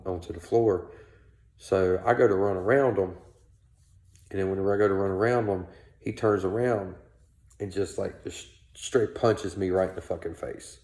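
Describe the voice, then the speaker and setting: A man's voice: sits low, creaky, dark tone, reverberant. A man telling his own life story bluntly, with plenty of profanity. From South Carolina, US. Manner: candid, blunt, laced with profanity. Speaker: storyteller, show host. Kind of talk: personal storytelling.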